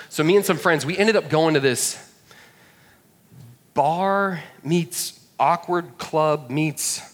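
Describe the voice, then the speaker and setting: A man's voice: fairly high pitch, fairly bright tone. A man, preaching a sermon and telling a funny story with jokey asides to the audience. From Georgia, USA. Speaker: pastor. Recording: long hall reverb.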